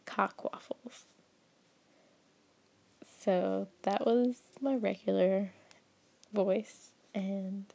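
A woman from the Southern United States with a slight Southern accent, casually reading a list in a vlog, her soft voice often dropping into whispers. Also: mid-range voice, gravelly, slightly rough. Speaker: vlogger.

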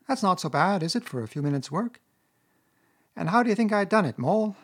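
A man voicing a conceited, excitable male toad who brags in a high, puffed-up voice. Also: a little fast, husky. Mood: boastful. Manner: boastful, shrill and puffed up.

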